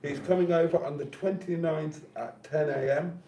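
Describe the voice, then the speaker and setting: A man's voice: on the high side, steady tone, normal speed, warm tone. Casual male streamer, reads comments aloud, roomy sound. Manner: chatty, reads out messages. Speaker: live stream host. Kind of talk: casual live stream chat. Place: home in Spain. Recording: roomy with faint noise.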